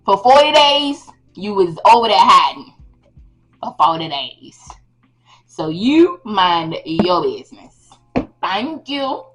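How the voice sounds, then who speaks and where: A woman's voice: mid-range voice, sing-song, slow pace, a bit bright, soft background music, low-quality recording. A young woman retelling a Bible story in a casual, slangy, playful way as the host of her channel.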